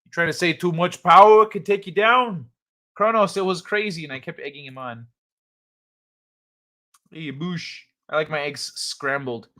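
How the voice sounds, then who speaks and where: A man with a slightly high voice hosts a relaxed late-night stream, speaking at a measured pace with frequent pauses. He jokes with the live chat, laughs constantly, swears, and acts out quotes from his stories in animated voices.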